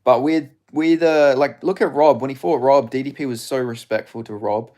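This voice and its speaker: A man chatting casually on a live stream, answering viewer questions in a loose, rambling way. His voice sits at an ordinary middle pitch. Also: fairly even intonation, moderate pace, a little mellow.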